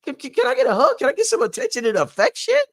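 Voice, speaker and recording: A man mimicking a shrill, fed-up woman. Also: wildly swooping pitch, rapid-fire, creaky, exaggerated voice. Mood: exasperated. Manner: shrill, exasperated complaining. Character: annoyed woman demanding her partner's attention.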